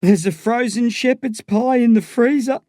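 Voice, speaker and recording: A man voicing a drunk, wheezing father lying on an ambulance gurney, speaking with rough tenderness. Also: extremely high pitch, moderate pace, mellow, dry recording, clean studio sound, pitched above the performer's own voice. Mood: tender.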